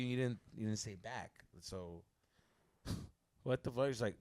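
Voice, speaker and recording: A young man and podcast co-host telling a story among friends in a casual, animated way, acting out both sides, swearing freely and mixing in Spanish slang. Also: mid-range voice, moderate pace, no room sound.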